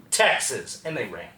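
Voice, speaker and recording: A man performing a one-man theatrical storytelling show with an American accent, animated and acting out other people's lines. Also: fairly high pitch, background noise. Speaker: solo stage performer. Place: small theater stage. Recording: echoey theater room with faint ambience.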